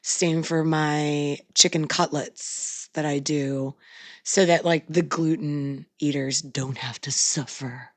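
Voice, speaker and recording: A woman's voice: low voice, steady tone, takes it slowly, no room sound. A middle-aged woman co-hosting a podcast in casual chat, blunt and swearing freely, laughing often. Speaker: podcast co-host.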